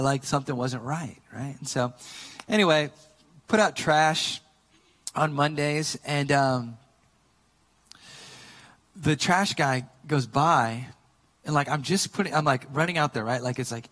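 Casual higher-voiced male pastor preaching. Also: big-room sound. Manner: casual, conversational storytelling with many fillers; swings between quiet earnest points and lively, loud retellings. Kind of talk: sermon.

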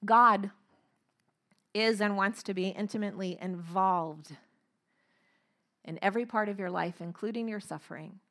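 A middle-aged woman preaching a sermon, earnest and emphatic, slowing down to stress key phrases. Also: medium pitch, a bit bright. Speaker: speaker.

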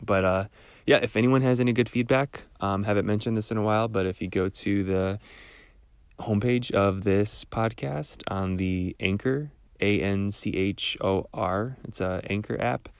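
A young man with a cold, hosting a casual solo podcast in a rambling, relaxed way with small laughs. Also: lowish voice, normal speed, smooth, dry recording. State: stuffed-up cold voice. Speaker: podcast host.

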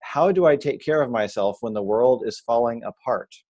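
A man's voice: mid-range voice, lively intonation, normal speed, darkish tone. A man hosting a podcast in casual chat, jokey and easygoing. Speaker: podcast host.

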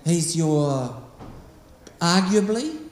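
A man's voice: a little high, sing-song, drawn-out words. Rambling man telling stories in an echoey hall. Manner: rambling, conversational, many asides. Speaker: speaker. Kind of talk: storytelling talk to a group. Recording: echoey hall, faint background noise.

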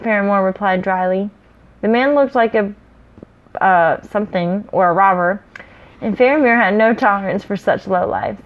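A woman reads a story aloud at an easy pace and breaks off for relaxed, chatty asides. Her voice sits in a middle register. The recording is dull and lo-fi. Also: mid-range voice, moderate pace. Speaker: story reader. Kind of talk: casual read-aloud of a story.

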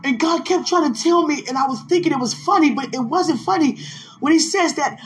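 High-voiced woman sharing a faith testimony. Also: a little fast, faint music behind. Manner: emotional, pleading repetitions. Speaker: podcast host.

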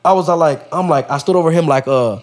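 A man's voice: fairly high pitch, quick pace. A young man, a podcast guest, telling a story in casual street slang, full of profanity and acted-out quotes.

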